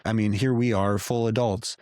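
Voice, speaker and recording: Man, 30s, podcast co-host, steady explanatory talk, lowish voice, dry close mic. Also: normal speed, dry recording. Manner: steady, explanatory, agreeable interjections. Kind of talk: calm conversational chat.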